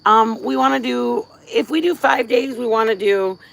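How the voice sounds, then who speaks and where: A woman's voice: fairly high pitch, moderate pace, creaky. A middle-aged woman from Michigan hosting a casual livestream outdoors at night, chatting in a rambling way full of fillers and restarts. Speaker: livestream host. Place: outdoors at night, crickets around.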